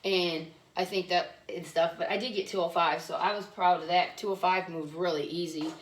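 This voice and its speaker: Woman w bronchitis rambling bluntly in her kitchen, kinda low voice, noisy clicky recording. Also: steady tone, moderate pace. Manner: rambling, blunt, chatty with fillers. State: sick with bronchitis, coughing. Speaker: cooking vlogger. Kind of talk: casual chatty cooking vlog. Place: home kitchen.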